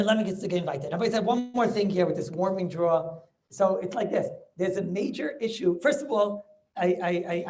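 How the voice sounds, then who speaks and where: High-voiced rabbi teaching over video call. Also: male voice, a little mellow. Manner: halting, many restarts, chuckles, banters with students. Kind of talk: informal halachic class over video call. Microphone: video call microphone.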